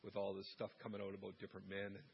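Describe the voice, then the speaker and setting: A man's voice: deep voice, completely flat delivery, quick pace, vocal fry, slight background noise. A middle-aged man talking casually about faith and raising children, telling stories and laughing at himself. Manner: warm storytelling, laughs at himself. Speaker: Christian speaker on family life. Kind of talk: casual talk on faith and parenting. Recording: dull lo-fi sound.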